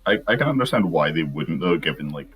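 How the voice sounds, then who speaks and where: A man's voice: a bass voice, big pitch swings, fast, fairly bright tone. A tired man co-hosting a casual reaction chat, starting his sentences with hesitant stammers. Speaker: co-host reacting to an episode.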